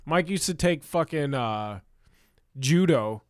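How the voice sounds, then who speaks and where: Here a young man spins a rambling, profane story for a comedy podcast, breaking into laughter as he goes. His voice sits a little high for a man and sounds close and dry. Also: lively intonation, slow pace, no echo. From Chicago area. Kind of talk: casual storytelling banter.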